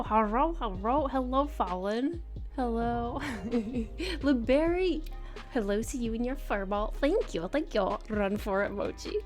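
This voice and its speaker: A woman's voice: medium pitch, darkish tone. A woman art streamer chatting casually on a livestream, bubbly and giggly as she greets her viewers. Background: faint background music.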